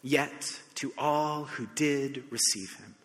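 A man from the United States preaching a sermon, telling a personal story with animated shifts between soft reflection and excited emphasis. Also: medium pitch, slow pace. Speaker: pastor. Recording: long hall reverb.

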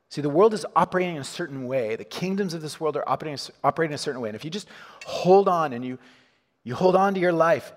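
A man's voice: on the high side, in a large hall. A man preaching a sermon in a church, chatty and informal, with frequent restarts and chuckles. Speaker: pastor. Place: church hall.

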